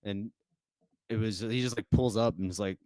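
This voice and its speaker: A man's voice: lowish voice, moderate pace, a little mellow, no echo. A young man telling stories as a podcast guest in a casual, rambling way, full of fillers and restarts. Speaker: guest musician.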